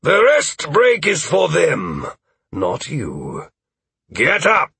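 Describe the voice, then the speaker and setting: Man voicing stern male knight trainer, barked commands, raised pitch, husky, dry close sound. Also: wildly swooping pitch, very slow, sharp tone, no echo, exaggerated voice. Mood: scolding. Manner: barking commands. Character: stern gruff male knight drill instructor. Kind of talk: audiobook narration.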